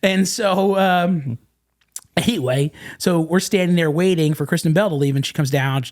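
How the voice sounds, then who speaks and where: A man telling rambling, animated anecdotes as a podcast guest, with many fillers and restarts. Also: fairly high pitch, normal speed. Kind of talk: casual storytelling. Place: podcast studio.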